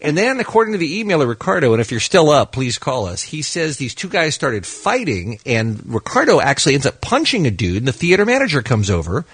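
Brief: man, radio co-host, wry storyteller, a bit husky, animated delivery. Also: a little high, brisk, hardly any pauses, no echo. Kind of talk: casual radio banter. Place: radio studio.

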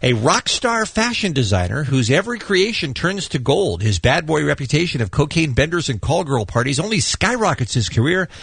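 A male radio host whose gravelly, husky voice swings widely in pitch as he reads promos and questions his guest. He laughs easily and keeps things lively. The sound is dry and close. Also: fairly quick, hardly any pauses, no echo. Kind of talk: radio talk show chat.

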